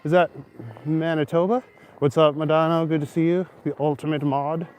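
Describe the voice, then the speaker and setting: In a casual nighttime stream, a young man from Canada chats and answers viewer comments while walking snowy city streets, phone camera in hand. His voice is fairly high with a darkish tone, delivered flatly at a moderate pace, with a little hiss or hum.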